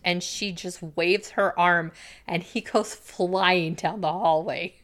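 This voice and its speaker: A woman co-hosting a podcast, chatting casually and quoting characters in quick bursts. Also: on the low side, a bit bright. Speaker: podcast co-host. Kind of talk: casual chat recapping a TV episode.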